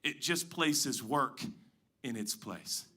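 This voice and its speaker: A man preaching a sermon as pastor, moving between loud emphatic lines and quiet hushed asides. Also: medium pitch, animated, takes it slowly, breathy edge. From Pacific Northwest.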